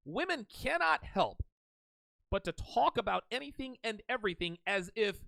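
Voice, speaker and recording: A man's voice: high voice, big pitch swings, moderate pace, vocal fry, bright, forceful tone, no echo. A man hosting a reaction commentary show, talking back at a clip in a mocking tone.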